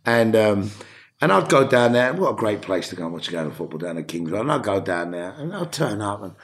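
Gravelly, animated London man. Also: fairly low pitch, quick pace. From England. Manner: animated storyteller, swears freely. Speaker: actor guest. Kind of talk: casual podcast interview.

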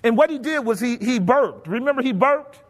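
A man's voice: extremely high pitch, expressive, normal speed. A pastor preaching a sermon, asking his congregation questions and slipping into folksy, colloquial phrasing. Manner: colloquial, drops into folksy grammar. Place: church sanctuary. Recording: long reverb of a church hall.

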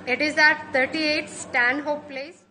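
A woman putting on a comic shopkeeper persona with a thick Indian accent, announcing brightly. The recording has loud clicking noise behind it. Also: high-pitched, fairly even intonation, takes it slowly, pitched above the performer's own voice. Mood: chirpy. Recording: loud noisy background with clicks.

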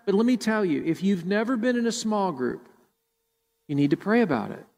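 A man's voice: sits high, very animated, a little fast, a little mellow, big-room sound. A male pastor delivering a sermon emphatically, often repeating words as he preaches. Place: church sanctuary.

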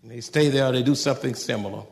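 A man preaching a sermon in a folksy, conversational way, swinging from loud outbursts to soft asides and laughing at his own jokes. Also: mid-range voice, racing, vocal fry, in a large hall. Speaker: pastor.

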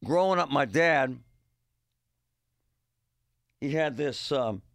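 A man's voice: mid-range voice, animated, slow pace, fairly bright tone, dry recording, studio quality. A middle-aged man hosting a radio show, rambling and joking in a casual monologue with punchy exclamations.

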